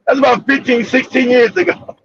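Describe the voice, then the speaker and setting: A man with a very high, gravelly voice hosts a casual talk show, spinning profane, rambling anecdotes that break into shouts. The audio is dull and lo-fi, with a faint hiss underneath. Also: level tone, moderate pace. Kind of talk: casual storytelling chat.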